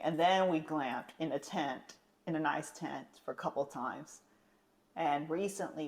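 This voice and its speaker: Low-voiced young woman co-hosting a podcast. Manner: chatty, rambling with fillers. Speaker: podcast co-host. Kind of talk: casual podcast chat.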